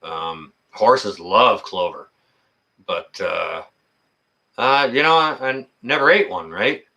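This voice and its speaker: A man's voice: lowish voice, lively intonation, slow pace, sharp tone. A middle-aged man hosting a casual livestream, reading the chat in a folksy way, with lots of fillers and laughter.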